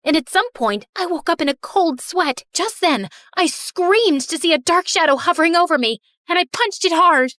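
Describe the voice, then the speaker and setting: A young woman narrating her own animated story in first person, bubbly and playful. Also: very high voice, normal speed, hardly any pauses, dry recording, clean studio sound.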